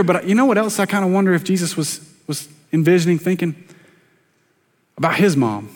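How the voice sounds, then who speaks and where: High-voiced pastor preaching in a church. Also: male voice. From South Carolina, US. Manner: conversational, self-deprecating preaching with quick asides to the congregation. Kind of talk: sermon. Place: church sanctuary. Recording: long church reverb.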